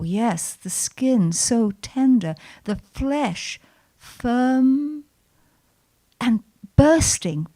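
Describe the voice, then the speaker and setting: Expressive woman telling a memoir. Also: medium pitch. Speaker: storyteller. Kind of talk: storytelling to a live audience. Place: showroom with audience.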